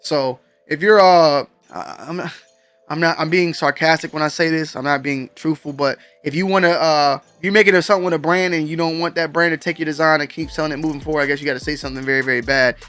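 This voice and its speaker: A man's voice: a little high, steady tone, quick pace, fairly bright tone, clear, resonant tone, dry recording, soft background music. A man hosting a sneaker news show, talking casually and slangily straight to his viewers. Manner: slangy, conversational, addresses viewers directly. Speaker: show host.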